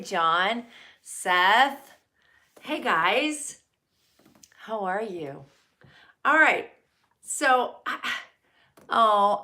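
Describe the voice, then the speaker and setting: A woman's voice: on the low side, pushed and bright. A middle-aged woman hosting a casual live stream, greeting viewers by name and chatting with many fillers.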